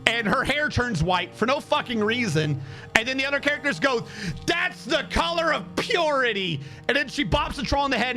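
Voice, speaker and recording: A man with a very high, bright voice rants on a livestream in a sarcastic, profane, exasperated way. His pitch swings widely as he tells the story, and soft music plays behind him. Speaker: streamer. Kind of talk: casual livestream rant.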